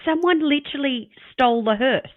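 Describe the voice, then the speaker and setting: A woman's voice: sits high, fairly quick, no room sound, narrow, tinny audio. A woman hosting a podcast, reacting with surprised exclamations and teasing her guest in casual chat. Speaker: podcast host.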